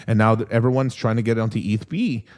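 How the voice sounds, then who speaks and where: A young man hosting a crypto livestream in a casual, rambling chat, swearing constantly and getting excitable as he talks. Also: lowish voice, fast talker. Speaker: crypto stream host.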